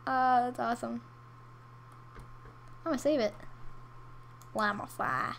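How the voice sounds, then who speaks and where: Playful woman with a high voice. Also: slow pace, pauses often, a bit bright, slight background noise. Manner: playful, jokey, mumbling asides. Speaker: gaming YouTuber. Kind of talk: casual commentary while browsing.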